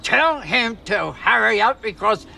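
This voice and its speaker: A man's voice: high-pitched, lively intonation, measured pace, creaky, sharp tone, a little hiss or hum, full character voice. A man voicing a grumpy, impatient old male courier driver in a comedy web cartoon. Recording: music playing behind.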